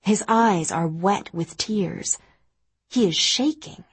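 A woman's voice: mid-range voice, takes it slowly, husky. A woman narrating a first-person audiobook in a cold, cutting, controlled manner, close to the mic.

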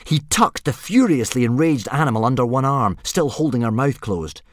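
A man reading a children's adventure story aloud with lively, animated narration. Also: medium pitch, normal speed, no room sound, studio quality. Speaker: audiobook narrator.

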